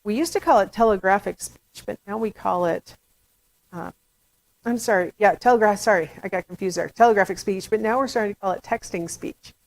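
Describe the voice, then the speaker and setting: A woman's voice: mid-range voice, brisk, vocal fry, rough recording. A woman giving a conversational recorded lecture as an instructor, with frequent fillers and self-corrections.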